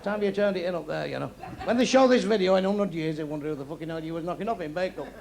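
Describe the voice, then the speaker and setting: A man's voice: on the high side, rapid-fire, gravelly, slight background noise. An older man doing a crude, blunt stand-up routine on a nightclub stage, heckling his band between jokes. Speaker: stand-up comedian. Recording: live club show with loud crowd. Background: audience laughing.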